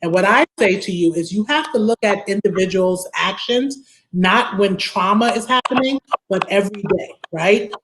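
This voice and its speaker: A woman with a strong Brooklyn accent speaks as an interview guest. She is emphatic and loops back on her words, ending points with a quick "right?". A faint noise sits under the voice. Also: mid-range voice. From Brooklyn, New York. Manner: emphatic, repeats words, tags statements with "right?". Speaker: attorney guest. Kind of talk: interview conversation.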